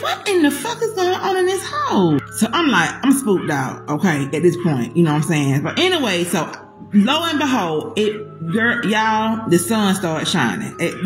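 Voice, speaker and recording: A woman spinning a casual storytime, swearing freely and addressing her audience directly. Her pitch leaps around as she talks, and the voice bounces in an echoey room with soft music behind. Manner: profane, animated, talks to viewers as "y'all".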